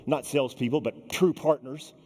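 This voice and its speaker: A man's voice: medium pitch, normal speed. A man giving a storytelling keynote speech to a conference audience, talking to the crowd directly and acting out the people in his stories. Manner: animated, addresses the audience directly and acts out quoted people. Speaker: keynote speaker. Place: large conference hall. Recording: long hall reverb.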